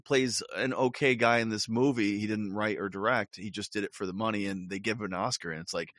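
A man with a fairly low voice chats loosely as a podcast co-host, wandering through his points and laughing often. The sound is dry and close, with little room around it. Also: brisk, hardly any pauses, dry recording. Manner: rambling, laughs often, lively impressions of others. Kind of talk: casual chat.

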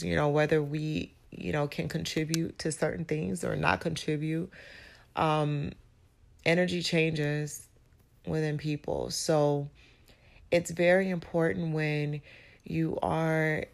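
Woman, podcast host, raspy and hoarse, gravelly low voice, slow unhurried delivery, reflective motivational chat. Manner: reflective, searching for words. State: recovering from illness, hoarse. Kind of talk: casual motivational monologue.

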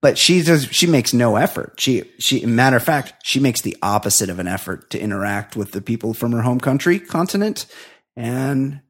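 A man's voice: medium pitch, expressive, moderate pace. A man hosting a comedy podcast, joking and rambling in casual chat, sometimes reading listener emails aloud. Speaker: podcast host.

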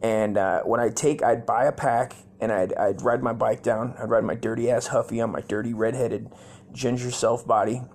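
A comedy podcast host in his forties from Las Vegas, USA, tells crude stories in a loose, rambling style packed with cursing, tacking dude and man onto his lines. His mid-range voice is steady and darkish, moving at a moderate pace.

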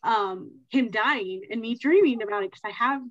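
A woman's voice: a little high, moderate pace, dry recording. Heartfelt woman on a dull remote line. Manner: chatty and heartfelt, many filler words. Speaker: guest author. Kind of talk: casual podcast chat.

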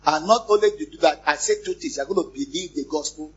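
A pastor, preaching a lively sermon, repeating phrases and joking with the congregation. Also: male voice, a little high, quick pace, slightly rough. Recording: muffled, lo-fi church recording.

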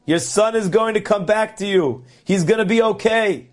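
A man's voice: high voice, moderate pace, close to an everyday voice. A man voicing the big spirit of a sage in a dream, firm and reassuring.

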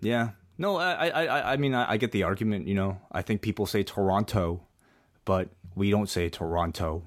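A man co-hosting a casual chat podcast while sick, animated and hesitant, often restarting his sentences. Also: on the low side, fairly quick, dry recording, studio quality. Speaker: podcast co-host.

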